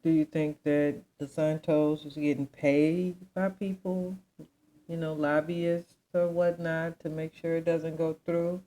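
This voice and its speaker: A young adult woman hosts a casual commentary chat, rambling with many asides and repeatedly asking her listeners questions. Her voice sits low with a level, dark tone, she's unhurried, and the audio is poor.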